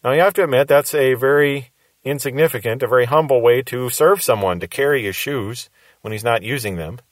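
A man's voice: medium pitch, fairly quick, dry recording. A man preaching a verse-by-verse Bible teaching sermon, explaining patiently and repeating key phrases for emphasis.

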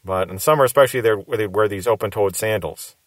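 A man's voice: on the low side, fairly quick, no room sound. Man teaching scripture, dry close sound. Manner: explanatory, repeats key phrases for emphasis. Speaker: pastor teaching the Bible. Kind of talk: verse-by-verse Bible teaching sermon.

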